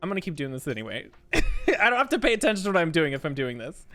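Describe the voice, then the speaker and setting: Lively, chatty male streamer. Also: a little high, fast talker, faint music behind. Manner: chatty storyteller, many fillers and frequent laughs. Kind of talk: casual chat while playing a game.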